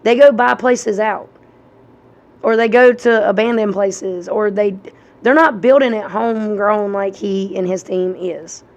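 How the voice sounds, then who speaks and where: A woman's voice: mid-range voice, steady tone, unhurried, highs cut off, slight background noise. A woman giving casual reaction commentary, enthusiastic and casually cursing.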